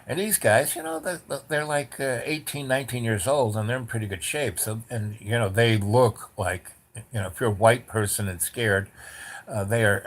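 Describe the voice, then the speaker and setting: Rambling man telling a story. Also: lowish voice. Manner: rambling, with many restarts and asides; blunt, with casual swearing. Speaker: podcast host. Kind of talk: casual storytelling.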